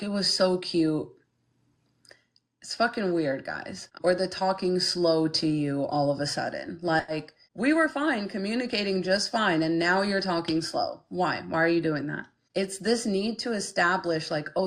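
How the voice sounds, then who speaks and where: Talk-show host type, young woman with a lower voice, blunt and unfiltered, speaking casually into a home mic. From Ukraine. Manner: frank, blunt, filler-heavy, lots of "like". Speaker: podcast host reading chat. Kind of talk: casual livestream chat.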